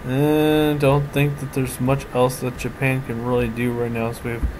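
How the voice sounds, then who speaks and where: Casual let's-play commentator, male, mid-pitched, hesitant think-aloud delivery, noisy home recording. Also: little pitch movement, normal speed. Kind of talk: casual strategy game commentary. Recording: audible background noise.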